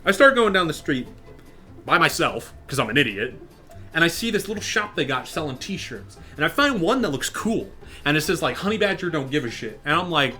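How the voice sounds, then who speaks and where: A young man casually telling a funny personal story, acting out the people in it with a louder raised voice, over faint background music. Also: on the high side, a little fast. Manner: animated, acts out quotes in louder raised voice. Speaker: storyteller and channel host. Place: online virtual social space.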